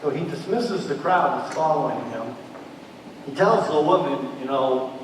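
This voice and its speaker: A man preaching a sermon as a pastor, animated and storytelling, acting out the people he quotes. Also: mid-range voice, normal speed, noisy background. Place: large church hall. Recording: echoey church hall, mic far off.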